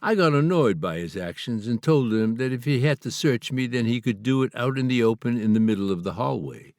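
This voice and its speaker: A man from Canada reading his own memoir aloud in a measured, earnest, slightly formal way. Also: mid-range voice, animated, darkish tone, no room sound, clean studio sound. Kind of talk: memoir audiobook narration.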